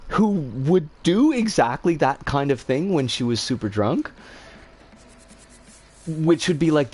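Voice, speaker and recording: A woman livestreamer chatting casually and reacting to her chat, animated and exclamatory, rambling and self-deprecating, swearing freely. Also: a bass voice, husky.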